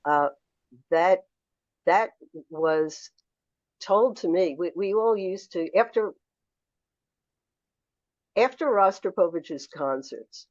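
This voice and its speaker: A woman in her seventies, a memoir author telling lively anecdotes as a guest in a podcast interview. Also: on the low side, slow pace, pauses often, no echo, lo-fi sound. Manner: animated anecdotal storyteller.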